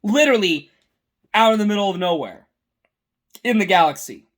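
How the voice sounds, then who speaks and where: A man with a fairly high voice giving a casual fan review, talking with eager enthusiasm. He rambles and keeps restarting his sentences to fix small details. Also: normal speed. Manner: excited, rambling, with frequent self-corrections. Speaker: host.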